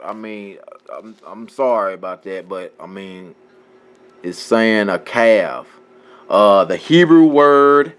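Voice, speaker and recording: A man with a clean, lowish voice teaches from scripture informally, reading passages aloud. He often stops to correct himself and speaks directly to his viewers.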